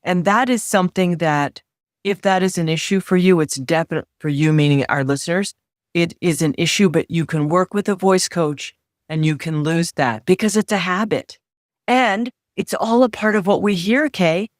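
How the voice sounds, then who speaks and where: A woman's voice: fairly low pitch, dry recording. Middle-aged woman coaching, dry close voice. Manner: measured and instructive, repeats key phrases for emphasis. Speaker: guest, confidence coach. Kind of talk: advice in interview.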